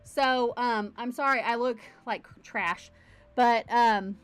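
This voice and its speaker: Bubbly woman rambling on her home livestream, voice kinda high, faint music going. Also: slow, smooth. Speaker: livestream host. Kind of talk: casual live-stream chat.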